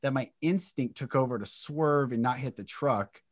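Male guest, mid pitch, dry close sound, intense and emotional delivery with loose swearing. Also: normal speed, no echo. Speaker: podcast guest. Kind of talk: candid interview talk.

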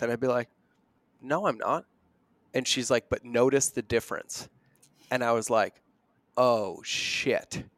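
A middle-aged man hosting an interview podcast, talking earnestly and slowing down to stress his points. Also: mid-range voice, a bit bright, no echo. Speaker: podcast host. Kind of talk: conversational interview.

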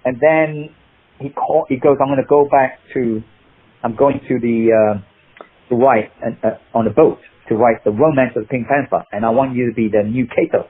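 An older man from the UK, a martial artist and actor, telling animated anecdotes in an interview, acting out the people he quotes and laughing at his own stories. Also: medium pitch, moderate pace. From United Kingdom. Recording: husky voice over a tinny phone-like line.

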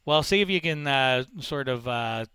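A man's voice: mid-range voice, animated, moderate pace, pushed and bright, clean tone, dry recording, studio quality. A man hosting a sports podcast, joking and rambling with many fillers. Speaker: podcast host. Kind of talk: casual sports talk.

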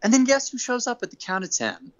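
A man hosting a casual chat, an animated storyteller who acts out quotes. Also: extremely high pitch, fairly quick. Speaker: podcast host. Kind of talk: casual wrestling recap chat. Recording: dull lo-fi recording.

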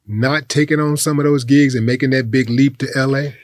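A man's voice: medium pitch, steady tone, fairly quick, no echo, studio quality. A man co-hosting a podcast, eagerly backing up the guest and repeating his points. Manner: eager, affirming, repeats himself. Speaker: podcast co-host. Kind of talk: casual podcast chat.

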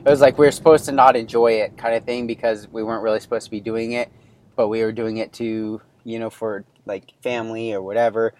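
A man's voice: lowish voice, little pitch movement, a little fast, darkish tone, slight background noise. Rambling man in his thirties hosting. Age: 30s. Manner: rambling, many fillers and restarts. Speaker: podcast host. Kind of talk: casual personal storytelling.

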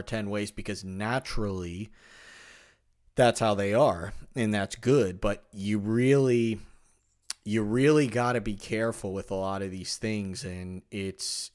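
A man with a fairly low voice hosts a podcast chat. He talks loosely and with feeling, circling back and restarting his sentences as he goes. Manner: rambling, animated, frequent restarts. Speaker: podcast host. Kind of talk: casual conversation.

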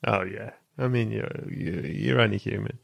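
A man's voice: lowish voice, steady tone, moderate pace, vocal fry, no echo. A man hosting a podcast interview, asking questions with brief encouraging interjections. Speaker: podcast host. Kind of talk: casual interview chat.

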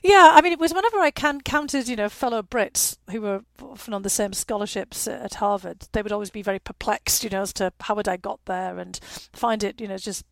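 A woman in her fifties with a Northeast English accent speaks in a gravelly voice, recorded dry and close. She answers an interviewer thoughtfully, filling her pauses with "you know" and laughing wryly now and then. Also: medium pitch, dry recording. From northeast England. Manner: reflective, frequent "you know" fillers, wry laughs. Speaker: guest.

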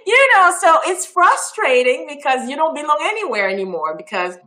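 A woman from Haiti with a Haitian accent, a native Creole speaker, answering interview questions in an animated, expressive way with many ums and restarts. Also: sits high, moderate pace. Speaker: festival founder, interview guest.

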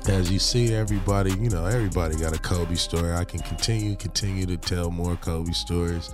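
Low-voiced man telling stories. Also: a little fast, faint music behind. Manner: animated, laughing, slangy storytelling. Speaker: podcast host. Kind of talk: casual storytelling chat.

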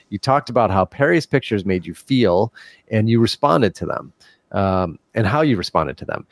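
A man's voice: fairly low pitch, dry recording. A man co-hosting a casual podcast, reading a listener's email aloud with stumbles and self-deprecating laughs. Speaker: podcast co-host.

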